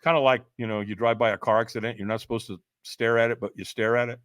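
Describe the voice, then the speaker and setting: A man's voice: mid-range voice, level tone, fast, fairly bright tone. A man, a podcast guest, telling a dramatic story, acting out quotes and often checking in with "right?". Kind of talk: animated storytelling.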